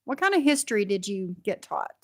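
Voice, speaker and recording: A woman's voice: medium pitch, big pitch swings, a little fast. A woman hosting a livestream, reacting bluntly to clips and reading out chat comments. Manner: blunt, indignant, reads chat comments aloud. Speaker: livestream host.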